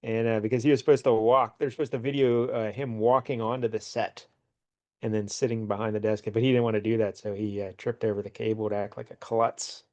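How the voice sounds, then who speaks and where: A man co-hosting a casual comic book podcast, rambling through the story with laughs and quick character voices. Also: fairly low pitch, flat delivery, darkish tone. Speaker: podcast co-host.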